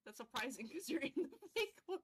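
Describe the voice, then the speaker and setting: A woman's voice: high-pitched, big pitch swings, fast talker, a bit bright, a little hiss or hum. A woman player in casual game voice chat, giggly and dramatic, playfully whining. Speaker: player in a roleplay trial.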